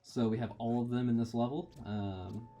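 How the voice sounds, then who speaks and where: A man's voice: mid-range voice, fairly even intonation, normal speed, dark tone. A man giving rambling, self-deprecating commentary while playing a video game. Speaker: gamer. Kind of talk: let's play commentary. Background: faint game music.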